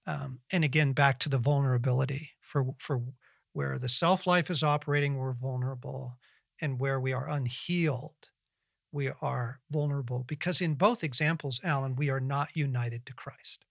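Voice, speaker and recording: Middle-aged guy on a christian podcast, earnest, reflective, gets animated, dry close mic. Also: mid-range voice, moderate pace, creaky, no room sound. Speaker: podcast host and Christian author. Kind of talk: casual conversational teaching.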